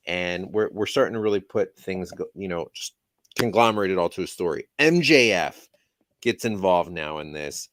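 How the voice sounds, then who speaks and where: A man's voice: on the low side, a bit bright, dry recording, clean studio sound. A man hosting a casual wrestling review show, talking in a rambling way that often restarts mid-sentence. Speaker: host.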